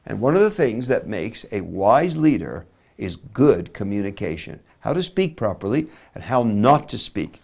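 A middle-aged man preaching a sermon, swinging from loud emphasis to very soft, slow words. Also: medium pitch. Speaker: pastor.

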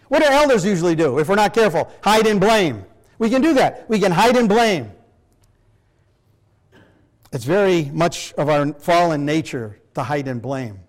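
An older man preaching a sermon to a congregation, emphatic and full of rhetorical questions. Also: sits high. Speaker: pastor.

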